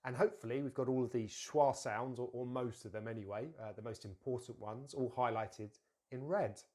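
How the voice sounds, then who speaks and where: Male pronunciation teacher, mid pitch, methodical drills with plain explanations between them. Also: steady tone, darkish tone. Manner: slow, deliberate modelling of words with drills to repeat; explains plainly with frequent fillers and restarts. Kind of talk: pronunciation lesson.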